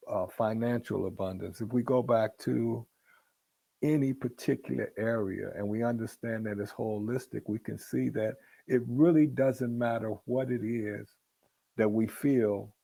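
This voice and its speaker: A man's voice: lowish voice, gravelly, warm tone, breathy edge. A man leading a spiritual book discussion in an earnest, repetitive teaching manner that builds to emphatic peaks. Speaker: book club leader.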